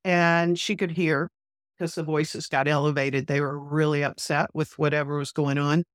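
An earnest woman minister retells a personal story for an interview, voicing the dialogue as she goes. Her voice sits fairly low, and the recording is dry and close with no room sound. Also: normal speed, no echo. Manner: animated, vivid retelling that acts out quoted dialogue. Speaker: podcast guest.

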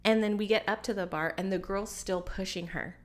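A woman in her forties hosting a podcast, telling a story to friends in a casual chat. She is animated, laughs often and fills her talk with "like". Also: medium pitch, brisk. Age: 40s. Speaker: podcast host.

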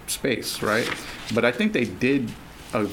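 A man's voice: medium pitch, very animated, slow, background noise. A man co-hosting a podcast, chatting casually about a movie in an easygoing way with lots of fillers. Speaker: podcast co-host. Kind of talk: casual movie review chat.

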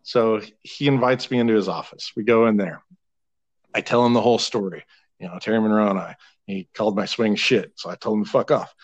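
A man's voice: lowish voice, brisk, no room sound, dull audio. Man telling a profane story, dry sound. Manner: profane, animated anecdote telling. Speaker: podcast guest. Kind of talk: casual storytelling.

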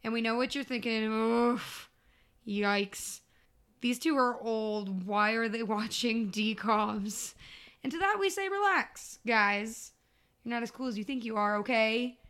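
A woman in her thirties hosts a podcast, opening the show and chatting in an animated, expressive way. Her voice is smooth and clear and sits a little high. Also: measured pace. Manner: animated, expressive, grossed-out reactions. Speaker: podcast host. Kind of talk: casual chat and show intro.

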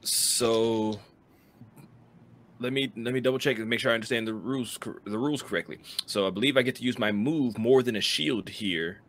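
A man's voice: medium pitch, moderate pace, a bit bright. A man playing a tabletop game, carefully double-checking the rules before he rolls. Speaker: player.

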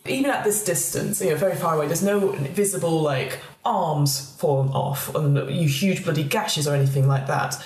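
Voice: mid-range voice, moderate pace, hardly any pauses, darkish tone. A game master narrating a tabletop horror game, rambling with many fillers. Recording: echoey room.

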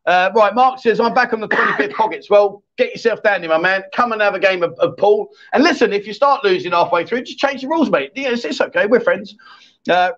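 A man's voice: high-pitched, a little fast, a bit bright. A man from England hosting a casual live chat show, reading out viewer comments with cheeky, laughing banter. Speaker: host. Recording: dull lo-fi stream audio.

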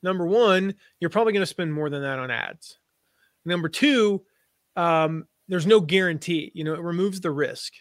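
A man talks as a podcast guest, telling stories and laying out his points in a loose, chatty way. His voice sits a little high. The sound is dry and close, with no room echo. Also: moderate pace. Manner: chatty storyteller, slips into playful put-on voices. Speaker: guest, affiliate marketing expert. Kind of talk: conversational podcast interview.

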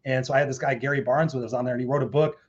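Chatty guy host, rambles fast, kinda muffled lo-fi mic. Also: medium pitch, fairly even intonation. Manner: upbeat, rambling, lots of fillers. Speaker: podcast host. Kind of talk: casual interview chat.

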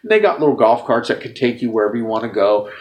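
Lively middle-aged man telling stories. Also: mid-range voice, quick pace. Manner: lively storyteller who acts out quoted lines. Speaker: guest musician. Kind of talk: casual anecdote telling.

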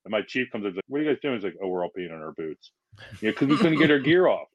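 A firefighter from Philadelphia, a man telling stories as a podcast guest, acting out the people he quotes in lively voices. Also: lowish voice, racing, lo-fi sound. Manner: animated, acts out quotes in changing voices. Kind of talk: casual storytelling in a podcast interview.

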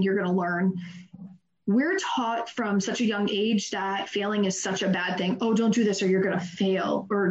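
A middle-aged woman who leads a real estate team, talking candidly and earnestly in an interview, full of "like" and "you know". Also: medium pitch. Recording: dull lo-fi sound.

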